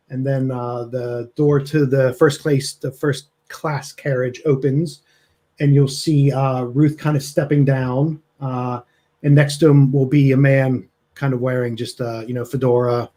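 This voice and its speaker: Mellow-voiced man running a tabletop game. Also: mid-range voice. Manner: relaxed, with many fillers. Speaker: game master.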